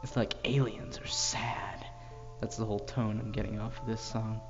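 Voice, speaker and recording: A man hosting a joking let's play, animated and now and then dropping into a whisper. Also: on the low side, moderate pace, gravelly, long reverb tail, dull audio, over music. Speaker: gaming YouTuber.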